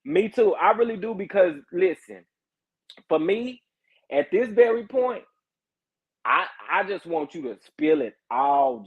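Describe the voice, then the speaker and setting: Animated man livestreaming over tinny audio. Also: high voice, husky. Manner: animated, laughing often, repeating phrases, drawn-out exclamations. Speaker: livestream host. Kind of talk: casual livestream chat reading comments.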